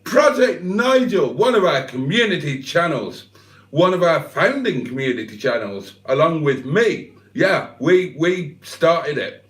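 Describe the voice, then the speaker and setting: A man's voice: a little high, expressive, unhurried, fairly bright tone, reverberant. An older man hosting a livestream, reading out viewers' comments with jokey, self-deprecating banter. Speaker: livestream host. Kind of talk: casual live chat, reading out comments.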